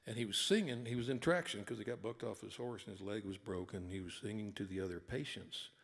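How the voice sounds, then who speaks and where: A man who writes books and songs tells rambling, folksy stories between numbers at a live concert hall. His voice is lowish and fast, with vocal fry and a breathy edge. The recording carries long hall reverb and guitar.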